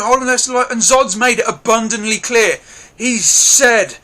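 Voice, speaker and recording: Man, film reviewer, casual, excitable, sweary, high voice. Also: unhurried. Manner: excitable, gushing, swears a lot.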